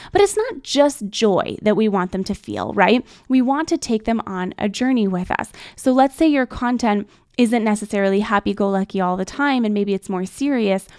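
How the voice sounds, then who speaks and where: A middle-aged woman hosting an instructional podcast, coaching listeners in an expressive, clearly enunciated way. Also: mid-range voice, no room sound, clean studio sound. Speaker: podcast host and production coach.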